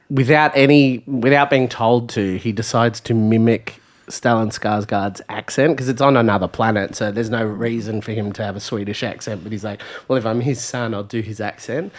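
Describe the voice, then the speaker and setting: A man co-hosting a casual podcast chat, chatty and laughing easily, often restarting his sentences. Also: mid-range voice. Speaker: podcast co-host.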